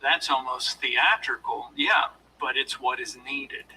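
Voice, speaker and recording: Recorded from a distance, a former law enforcement officer gives a motivational lecture, coaching his audience in a deliberate, demonstrative way. His mid-range voice sounds pushed and bright, and there's a little hiss or hum.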